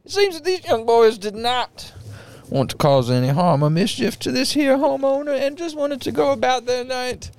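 A high, gravelly old Southern judge with a put-on drawl, pompous and quick to shout for order, as a man plays him. The voice swings widely up and down as he lords over the court. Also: very animated, full character voice. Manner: pompous, bangs for order, cuts people off. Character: blustering old Southern male small-town judge. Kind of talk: improvised mock trial on a podcast.

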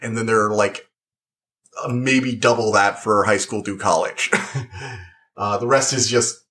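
A man's voice: fairly low pitch, steady tone, measured pace, sharp tone. A young man talking through a show review in casual chat, rambling and full of likes and uhs.

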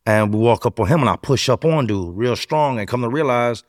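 A man telling a first-person story as a podcast guest, animated and slangy, acting out other people's lines as he goes. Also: medium pitch, a little fast, dry recording, studio quality. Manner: animated storyteller, slangy, acts out quoted voices.

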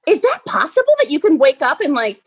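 A woman's voice: high-pitched, big pitch swings, fast talker. A woman co-hosting a podcast, talking bluntly and exclaiming a lot in casual chat. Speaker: podcast co-host.

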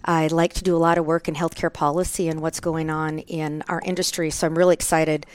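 A woman with a Minnesotan accent, co-hosting a podcast interview and talking fast in a friendly way. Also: deep voice, little pitch movement, smooth. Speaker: guest co-host.

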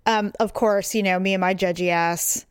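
Candid, animated middle-aged woman. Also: medium pitch, moderate pace, clean tone, no echo, clean studio sound. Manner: candid, animated storytelling with blunt profanity. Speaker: podcast co-host. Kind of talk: casual chat.

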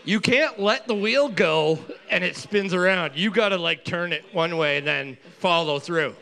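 A man's voice: high-pitched, normal speed, creaky, sharp tone. A man co-hosting a comedy quiz show, bantering casually with crude jokes and swearing. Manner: crude, joking, swears a lot. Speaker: co-host.

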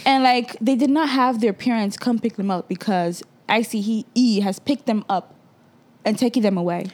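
An animated woman from Nigeria talks in a casual podcast chat. Her voice sits a little higher than most, and she keeps leaning on "like" and "you know". She often acts out what other people said. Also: moderate pace. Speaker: podcast co-host.

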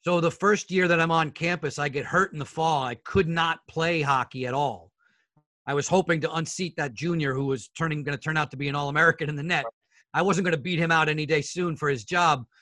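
A middle-aged man, a guest sports broadcaster, telling animated stories in a casual interview and acting out the people in them. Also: a little high, fairly quick, dry recording. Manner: animated storyteller who acts out the other people in his stories; addresses the hosts as fellas.

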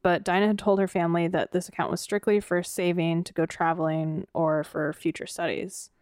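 A woman co-host talks loosely on a podcast, with fillers and the odd restart. Her voice sits a bit low and comes through smooth and clear. The sound is dry and close. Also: little pitch movement, brisk, darkish tone, dry recording. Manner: storytelling with fillers and restarts, laughing easily. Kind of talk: casual true-crime podcast chat.

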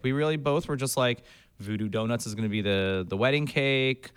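A man hosting a casual podcast, relaxed, swearing offhandedly. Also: medium pitch, brisk, clear, resonant tone. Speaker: podcast host. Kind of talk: casual chat.

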